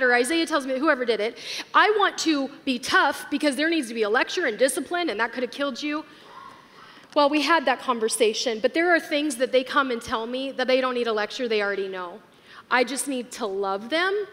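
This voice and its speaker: A woman's voice: fairly high pitch, fairly bright tone. A woman pastor giving an earnest, emotional sermon to a live audience. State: tearful at times. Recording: live hall with long reverb, faint music.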